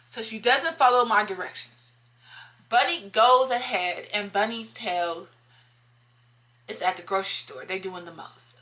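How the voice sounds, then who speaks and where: A woman's voice: medium pitch, a little slow, bright, forceful tone. A woman telling a personal story in a casual, emphatic way, often repeating lines for effect and talking straight to her viewers.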